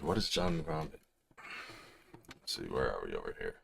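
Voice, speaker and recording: Man, young adult, deep voice, casual reaction commentary, rambling, excited explainer. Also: normal speed, creaky, background noise. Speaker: music reaction host.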